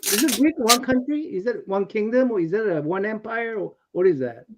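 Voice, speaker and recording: A man's voice: high voice, lively intonation, normal speed, noisy background. A man who is a regular in a casual online chat, teasing and asking blunt questions. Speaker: regular guest.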